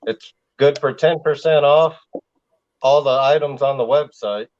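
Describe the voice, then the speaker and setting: Southern man hosting a casual stream chat, easygoing storyteller, mid-pitched, slightly muffled lo-fi audio. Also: unhurried, darkish tone. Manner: laid-back storytelling. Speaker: livestream host. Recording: slightly dull lo-fi sound.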